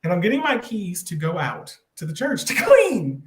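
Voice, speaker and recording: A man as a podcast guest, telling a personal story in a rambling, animated way with many restarts. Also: high voice, normal speed, a little hiss or hum. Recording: roomy echo.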